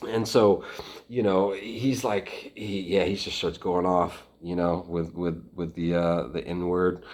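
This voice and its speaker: Rambling man, lowish voice. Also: level tone, darkish tone. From Atlanta, United States. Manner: rambling, halting, many restarts. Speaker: volunteer fighter recounting experience. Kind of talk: casual storytelling.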